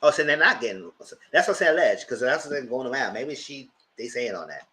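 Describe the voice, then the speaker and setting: A man hosting a live TV review, chatting casually in a blunt, slangy, animated way. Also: medium pitch, fast talker, low-quality recording. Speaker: host of a TV review channel.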